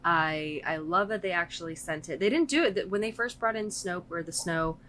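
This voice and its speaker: A woman's voice: lowish voice, fairly quick, a bit bright, a little hiss or hum. A woman co-hosting a podcast in casual, enthusiastic chat. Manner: enthusiastic, upbeat. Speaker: podcast co-host.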